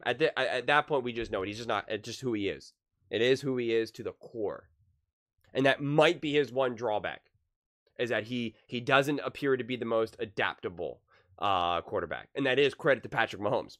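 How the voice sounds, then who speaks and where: On his own sports channel, a man with a mid-range, fairly bright voice gives impassioned, casual opinion commentary straight to camera. He repeats words and restarts sentences as he goes.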